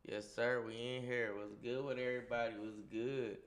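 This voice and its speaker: Middle-aged male stream co-host, hyped and profane, joking loudly with chat, mid-pitched voice. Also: level tone, moderate pace. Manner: hyped, loud and joking, repeats greetings. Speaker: co-host of a gaming livestream. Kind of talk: casual profane livestream chat.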